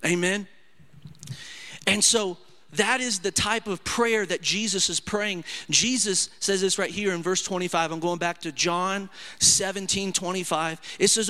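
Male pastor, earnest sermon delivery, bright and slightly high. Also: moderate pace. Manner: emotional, earnest preaching with rising pitch on quotes. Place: church sanctuary.

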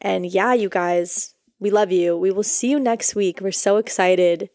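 A woman chatting casually as a podcast co-host, talking loosely with plenty of fillers and giggles. Her voice sits at a middling pitch. The sound is dry and close to the mic. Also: steady tone, unhurried, warm tone, no room sound. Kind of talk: casual chat.

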